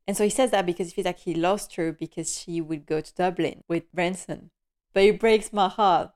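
A woman hosting a podcast, giving an animated and emotional episode recap with nervous laughter. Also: lowish voice, normal speed. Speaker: podcast host.

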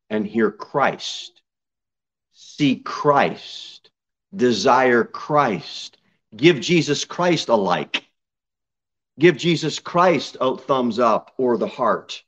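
A man preaching a sermon in a church, reading scripture aloud and building to emphatic, loud, high peaks. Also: slow. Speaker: pastor. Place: church sanctuary. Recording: slightly dull church recording.

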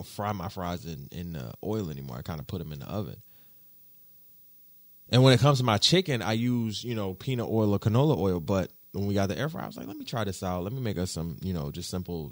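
Brief: male podcast host, casual slangy monologue, very lively pitch, dry close sound. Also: no room sound. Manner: animated, slangy storytelling with swings in pitch and loudness.

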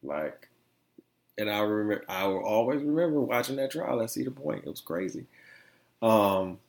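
A man's voice: lowish voice, animated, moderate pace, creaky. A young man hosting a casual solo podcast, rambling and slangy as he tells stories with plenty of animation. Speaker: podcast host.

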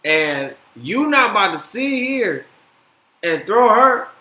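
A man hosting a casual solo podcast, animated and swearing freely with many fillers. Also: high voice, slow. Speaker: podcast host. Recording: echoey room, faint noise.

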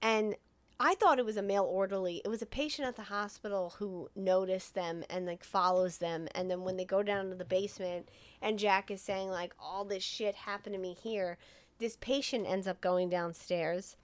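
A woman's voice: medium pitch, moderate pace, no echo. Dry-voiced woman recapping a movie. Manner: animated retelling, acts out characters' lines. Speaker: podcast co-host recapping a film. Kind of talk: casual chat.

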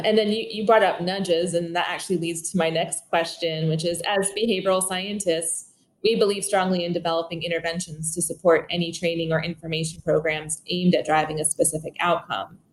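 A woman podcast host and behavioral scientist asking polite, formally worded prepared questions. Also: on the low side. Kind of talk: interview questions.

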